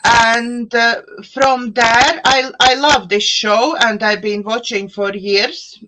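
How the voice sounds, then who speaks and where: A middle-aged woman with an Eastern European accent, hosting a live online chat show over a video call and speaking slowly, searching for words with many fillers and restarts. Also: on the high side, steady tone, sharp tone, slight background noise, poor audio. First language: an Eastern European language. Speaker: host.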